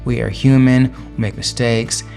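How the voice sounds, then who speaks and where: A man's voice: mid-range voice, steady tone, normal speed, vocal fry, darkish tone, faint music behind. A man earnestly talking through personal affirmations in a motivational vlog, encouraging and emphatic. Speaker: vlogger sharing affirmations. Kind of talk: motivational talk to camera.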